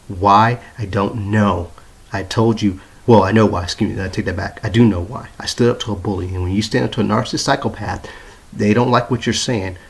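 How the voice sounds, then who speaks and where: Husky-voiced man ranting aggrieved. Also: fairly low pitch. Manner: aggrieved, repetitive, swearing. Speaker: vlogger. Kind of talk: ranting phone video to viewers. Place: apartment bedroom. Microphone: handheld phone.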